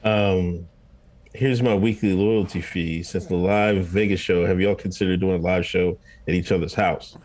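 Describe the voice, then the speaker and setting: A man co-hosting a podcast in casual chat, animated and laughing often. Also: deep voice, normal speed. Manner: animated, laughing, quotes people in put-on voices. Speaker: podcast co-host.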